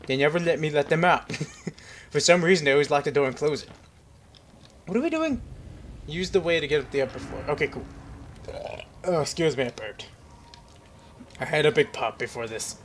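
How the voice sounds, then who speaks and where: Nervous and joking, a young gaming commentator with a high, somewhat bright voice offers loose, meandering commentary on a horror game through his headset. He addresses the characters on screen directly.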